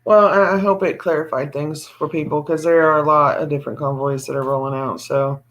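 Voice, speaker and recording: Chatty higher-voiced man on a livestream. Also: steady tone, a little fast, fairly bright tone, dull audio. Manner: chatty, storytelling, teasing. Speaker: livestream co-host. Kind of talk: casual livestream chat.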